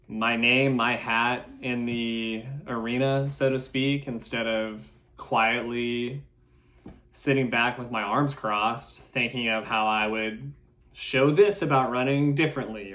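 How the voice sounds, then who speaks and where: A man hosts a solo podcast, speaking slowly and deliberately at a mid-range pitch. He sounds earnest and a little nervous, pausing and restarting as he pokes fun at himself. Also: fairly bright tone. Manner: earnest, self-deprecating, halting. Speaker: podcast host.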